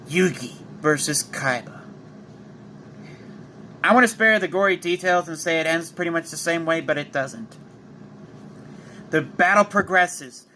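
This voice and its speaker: A man's voice: on the high side, pushed and bright, a little hiss or hum. A young man casually narrating a fan story as a channel host, dramatic and playful.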